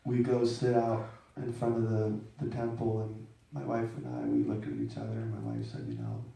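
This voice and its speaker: A man's voice: lowish voice, normal speed, vocal fry, dark tone, far from the mic. Rambling man telling a story, echoey room. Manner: rambling, self-deprecating, with many restarts. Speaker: storyteller speaking to an audience. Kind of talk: personal storytelling to a live audience.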